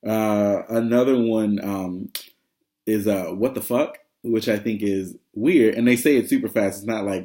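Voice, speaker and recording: Casual vlogger, a man with a lowish voice, talks loosely with plenty of ums. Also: fairly even intonation, normal speed, warm tone. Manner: chatty, rambling, many fillers, laughs often. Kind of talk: casual vlog update.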